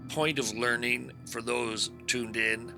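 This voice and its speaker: A man's voice: medium pitch, steady tone, takes it slowly, gravelly, over music. A man playing a tabletop game who chats casually, stammers and swears. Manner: stammering, self-deprecating, swears. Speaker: player.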